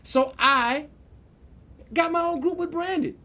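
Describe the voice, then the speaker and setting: A man hosting his own vlog, ranting in an animated, profane way with frequent laughter and repeated words. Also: very high voice, a little slow. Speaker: show host.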